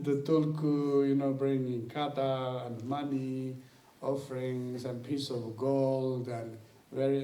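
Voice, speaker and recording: A man's voice: medium pitch, dark tone. A man giving a talk as a guest teacher, telling a personal anecdote and laughing often as he goes. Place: lecture room. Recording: roomy hall, mic at a distance.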